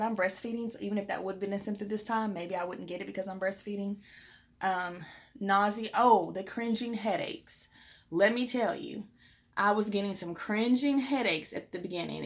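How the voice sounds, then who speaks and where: Young woman, casual and frank, chatting to her viewers at home. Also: mid-range voice. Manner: chatty, frank, with many fillers. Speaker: vlogger sharing pregnancy test results. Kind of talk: casual chat to camera. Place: home, indoors.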